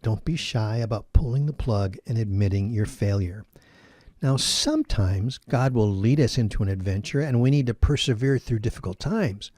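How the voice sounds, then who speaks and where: A male pastor giving an earnest, encouraging sermon in a steady teaching voice. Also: mid-range voice, dry recording, clean studio sound.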